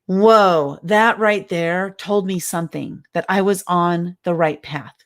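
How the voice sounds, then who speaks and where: A woman's voice: lowish voice, takes it slowly. A woman in her fifties giving an emphatic, heartfelt motivational talk as a speaker and coach, often repeating her phrases. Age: 50s.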